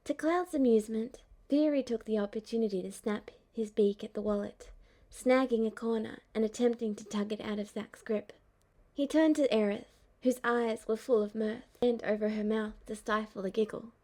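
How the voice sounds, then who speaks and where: A woman narrating a fan-fiction audiobook in a measured, even storytelling manner. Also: a little high. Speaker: audiobook reader.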